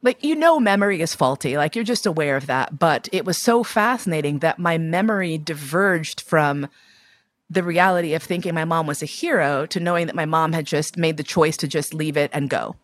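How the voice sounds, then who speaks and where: A woman's voice: low voice, moderate pace, no room sound. A woman in her fifties from New York City, telling personal stories candidly and expressively, swearing casually. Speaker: guest.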